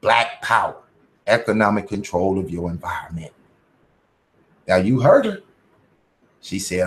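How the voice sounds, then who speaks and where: Male livestream host, lively swinging pitch, profane, preachy motivational talk. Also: a little slow, long pauses. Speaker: channel host. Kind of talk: casual commentary livestream.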